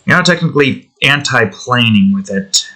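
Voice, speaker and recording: Bright-voiced man rambling while building a game. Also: medium pitch, lively intonation, moderate pace. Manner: rambling, swears, talks to the objects he edits; jokingly puts on a redneck drawl. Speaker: hobby game developer.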